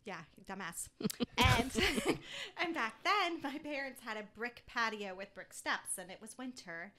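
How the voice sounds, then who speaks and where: A middle-aged woman chatting as a podcast guest, telling a story with lively acted-out dialogue. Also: fairly high pitch, measured pace. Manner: animated storyteller who acts out quoted dialogue. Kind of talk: casual chat.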